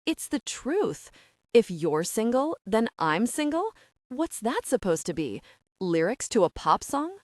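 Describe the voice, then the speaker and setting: A woman's voice: on the high side, sing-song, a little slow, a little mellow, no room sound, clean studio sound, voice pushed up. A woman voicing an indignant, flustered young woman who gets defensive and stammers, in an audiobook reading.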